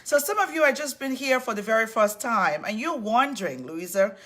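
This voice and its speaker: A woman's voice: fairly high pitch, very animated, fairly quick, sharp tone. Effusive woman hosting a live stream. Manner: effusive and upbeat, repeatedly welcoming people. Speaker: host of an online civility series. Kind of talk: live-streamed talk greeting viewers by name.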